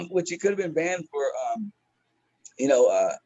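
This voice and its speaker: A man's voice: a little high, very animated, moderate pace, dark tone, dull audio. A man who is a stand-up comedian, telling a story in a casual, profane, slangy way and laughing often.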